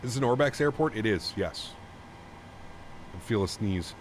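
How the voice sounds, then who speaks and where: A man's voice: lowish voice, moderate pace. A man from Canada streaming a flight sim, chatting casually and thanking viewers as he reads chat. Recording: steady background noise.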